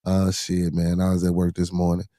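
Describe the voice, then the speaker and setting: A middle-aged man with a Chicago accent hosts his podcast alone on a live stream, sitting in a home studio. He talks in easygoing street slang, repeats his catchphrases and calls out to viewers in the chat. His voice sits low and mellow, and the sound is dry and close. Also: monotone, normal speed, no room sound. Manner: laid-back street slang, repeats phrases, constant "you know what I'm saying". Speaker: podcast host.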